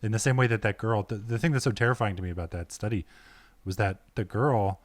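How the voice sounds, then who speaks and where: Thoughtful, inquisitive man with a lowish voice. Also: fairly even intonation, quick pace, dry recording. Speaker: podcast guest, author. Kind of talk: casual conversation.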